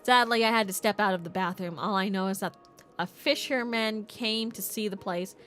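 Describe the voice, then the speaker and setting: A woman voicing a formal, rambling small-town tourism officer in a video game, speaking slowly and low. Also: fairly bright tone, soft background music, lightly acted. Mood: pompous. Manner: formal, slow and long-winded.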